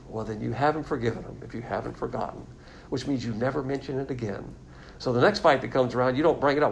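A man delivering a teaching sermon at a mid-range pitch, explaining terms patiently and circling back to repeat his main points. A faint hiss sits under the recording. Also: quick pace, vocal fry, poor audio. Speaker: Bible teacher.

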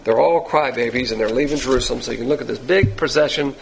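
A man teaching from the Bible in a folksy, rambling way, circling back over his points. His voice is gravelly, at an ordinary middle pitch. A faint hiss sits under the recording. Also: fast talker, poor audio. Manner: folksy, repetitive, digressive storytelling.

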